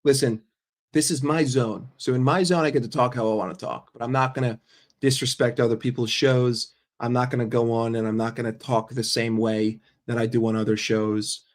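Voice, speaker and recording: A man with a mid-range voice hosts a casual football livestream, keeping a steady tone at a moderate pace. He reads viewers' chat aloud and fires back blunt, sarcastic, heavily profane opinions.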